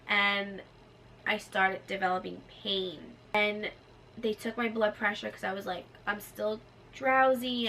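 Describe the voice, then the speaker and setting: A young woman telling a personal story to her vlog audience in casual chat, acting out what others said to her. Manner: animated, acts out nurses' lines in a higher voice. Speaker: vlogger. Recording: slightly distant mic with faint room noise.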